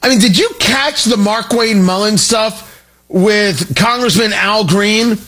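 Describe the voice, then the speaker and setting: A man's voice: sits high, bright, forceful tone. A man hosting a political talk radio show, delivering an emphatic, combative monologue. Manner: combative, emphatic, rapid asides.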